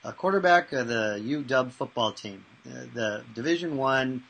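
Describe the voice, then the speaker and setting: A man who works as a mental toughness trainer, answering interview questions and telling lively anecdotes with acted-out voices. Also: mid-range voice, normal speed, vocal fry, rough recording. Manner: animated, acts out voices in anecdotes.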